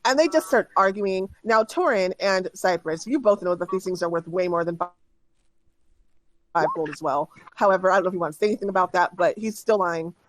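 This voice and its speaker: A woman's voice: lowish voice, a little fast, poor audio. A woman game master narrating a tabletop game, rambling through her scenes with frequent ums and restarts.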